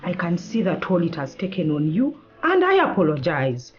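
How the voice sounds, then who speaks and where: A woman lawyer, a guest in an interview, telling a personal story in an animated way and acting out the lines of the people in it. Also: lowish voice, moderate pace, highs cut off. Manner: animated, acts out quoted dialogue.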